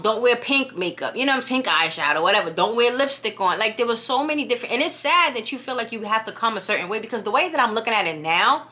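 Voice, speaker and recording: Bright-voiced New York woman chatting. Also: fairly high pitch. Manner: chatty, animated, frequent "you know what I'm saying". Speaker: vlogger. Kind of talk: casual chat to camera.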